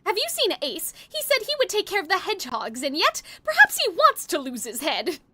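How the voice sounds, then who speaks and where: A woman voicing a strict young male dorm leader, lowering her voice into an attempted posh British accent. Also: wildly swooping pitch, brisk, pushed and bright, no room sound, full character voice. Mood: stern.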